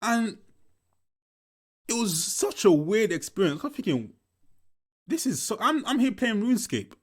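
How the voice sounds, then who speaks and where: Animated young man telling a story. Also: high-pitched, a little slow. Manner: animated, laughing, swears, repeats himself. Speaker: movie reaction commentator. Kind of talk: casual storytelling.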